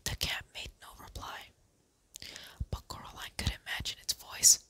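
An ASMR host reading a children's book aloud in a slow, gentle whisper.

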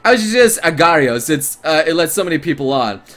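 A man streaming a visual novel, reading its narration aloud and reacting in an excitable, jokey way. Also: a little high, fairly quick. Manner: excitable, jokey, breaks into laughter.

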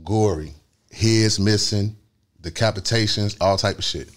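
A man speaks in a very low voice. He is a guest telling a long, rambling story. He drops into street slang and acts it out with sound effects. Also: measured pace. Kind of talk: storytelling interview.

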